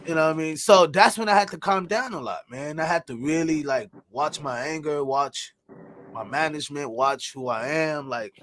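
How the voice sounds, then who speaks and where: A man telling stories in a casual chat, animated and profane, laughing and acting out what people said. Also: on the high side, moderate pace, slight background noise. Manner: animated, laughing, loose and profane, acts out quotes. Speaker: podcast guest telling stories.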